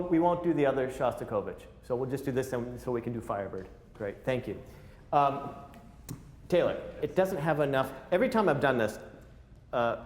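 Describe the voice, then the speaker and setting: Coaching clarinetists in a masterclass, a medium-pitched man jokes with them, stays animated, and counts them in. It takes place in a large recital hall, and the recording is roomy with faint ambience plus a little hiss or hum.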